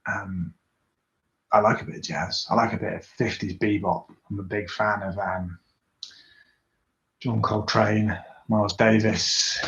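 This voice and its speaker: A man's voice: fairly low pitch, vocal fry, fairly bright tone. A man chatting casually on a live stream, rambling and poking fun at himself as he answers viewer comments. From Britain. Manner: rambling, self-deprecating, chatty. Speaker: YouTuber doing a live tinkering stream. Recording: roomy, dull recording.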